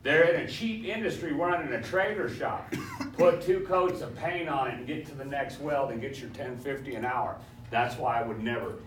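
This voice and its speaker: A man's voice: medium pitch, a bit bright. A male welding instructor who lectures his class in a swaggering storytelling way and quizzes his students as he goes. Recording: echoey classroom, far from mic, faint hiss.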